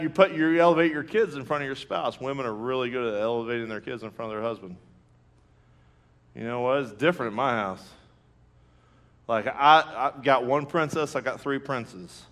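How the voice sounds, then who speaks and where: A man, preaching a sermon with lively storytelling and acted-out reactions. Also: medium pitch. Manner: storytelling, animated, acts out his own reactions; laughs through jokes. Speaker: pastor.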